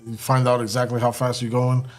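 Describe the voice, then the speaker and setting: A man's voice: mid-range voice, monotone, a little fast. A man hosting a casual live stream and joking with his chat while building a kit, often breaking into laughter.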